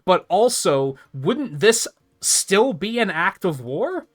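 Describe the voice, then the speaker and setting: Lively, sarcastic male game streamer. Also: high-pitched, slow pace. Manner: sarcastic, laughing, swears casually. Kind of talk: game playthrough commentary.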